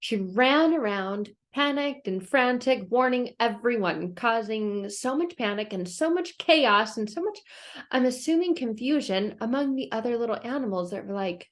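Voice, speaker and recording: Woman host, high voice, playful storyteller, casual advice talk. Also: normal speed. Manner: playful, animated storytelling, laughs often. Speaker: self-help video host.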